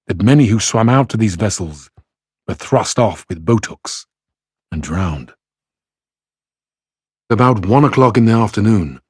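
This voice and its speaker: A man reads passages from a classic novel in a steady, measured way. His voice sits low and a little husky. The sound is dry, with no room behind it. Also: no room sound. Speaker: reader. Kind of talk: reading a novel aloud.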